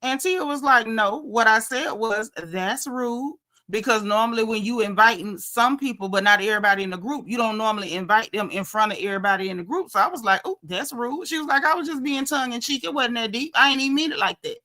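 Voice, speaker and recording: Woman host, bright voice pitched a bit high, animated gossipy recap delivery. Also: fast, hardly any pauses. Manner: animated, gossipy, quotes people in lively asides. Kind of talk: casual recap chat.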